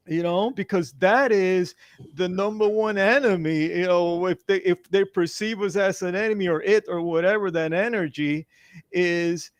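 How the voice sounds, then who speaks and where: A male guest in a casual spiritual chat, talking haltingly with many repeated words and restarts. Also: sits high, no room sound, studio quality.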